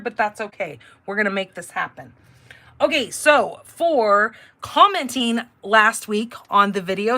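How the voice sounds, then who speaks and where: A woman's voice: medium pitch, pushed and bright. Chatty woman hosting a crafting class. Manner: chatty, rambling storyteller with filler words. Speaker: card-making class host. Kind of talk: casual live crafting demonstration.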